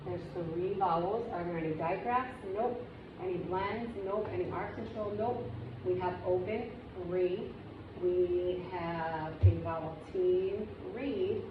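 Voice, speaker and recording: Woman teacher walking thru a reading lesson, lowish voice, echoey room, kinda muffled and noisy. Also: slow pace. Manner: clear, encouraging, step-by-step instruction. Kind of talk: demonstration lesson with teacher commentary.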